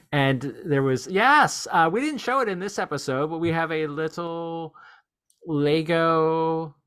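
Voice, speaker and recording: A man hosting a podcast, chatting casually with a guest and laughing often. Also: a little high. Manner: chuckles often, relaxed and chatty. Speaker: podcast host. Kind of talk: casual chat.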